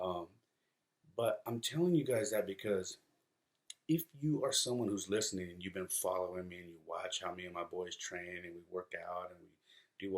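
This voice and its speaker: A man in his thirties hosting a casual podcast, rambling through stories with fillers and restarts and acting out his sons' quoted words. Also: low-pitched. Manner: acts out quoted voices of his sons. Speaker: podcast host. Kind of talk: casual solo podcast talk.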